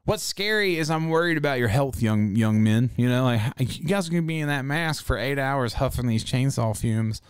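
A man's voice: mid-range voice, animated, normal speed, few pauses, clean tone, no room sound, studio quality. A man in his forties telling rambling, profane stories in casual chat. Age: 40s. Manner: profane, rambling storytelling with laughs.

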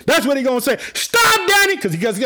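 Preaching with fire, this man speaks in a rapid-fire, expressive way, his very high voice lurching wildly in pitch. Repeating his catchphrases, he bursts into shouts again and again.

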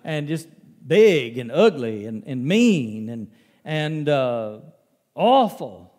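A man preaches with a folksy, storytelling touch, his voice sitting notably high for a man. The sound carries a long, ringing reverb from a large hall. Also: very animated, slow, darkish tone. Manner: folksy storytelling, acts out Bible scenes. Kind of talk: sermon.

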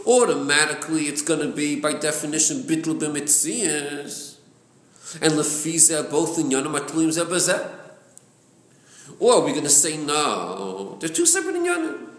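Lively male teacher, high-ish voice, repeats himself as he explains, recorded in a roomy space. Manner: lively, repeats words, mixes Hebrew and Yiddish terms into English. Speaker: Torah class teacher. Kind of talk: Chassidic text class, explaining to students. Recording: echoey room.

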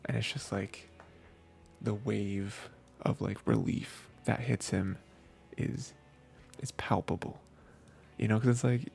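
A man co-hosting a podcast, reviewing an anime in a loose, rambling way, full of fillers and quick quoted asides. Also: fairly low pitch, steady tone, vocal fry, darkish tone. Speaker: podcast co-host. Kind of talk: casual anime review chat.

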